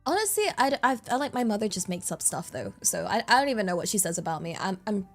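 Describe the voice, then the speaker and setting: A woman's voice: mid-range voice, very animated, quick pace, faint music behind. A young woman streaming from her desk microphone, chatting casually in a rambling way and laughing often. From England. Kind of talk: casual chat.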